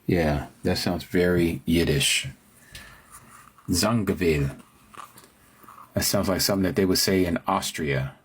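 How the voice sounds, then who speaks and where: A man's voice: low voice, normal speed, hardly any pauses, breathy edge. A man hosting a livestream, chatting with viewers about word pronunciations and reading scripture aloud. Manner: muses over word pronunciations, answers viewers. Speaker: livestream host. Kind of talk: casual live-chat talk with scripture reading.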